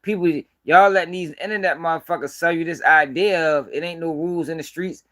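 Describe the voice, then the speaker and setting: Speaking fairly quickly in a steady, fairly bright tone, the Baltimore man keeps up his profane, blunt live-stream rant. He repeats himself emphatically to hammer points home, and his pitch sits fairly high for a man.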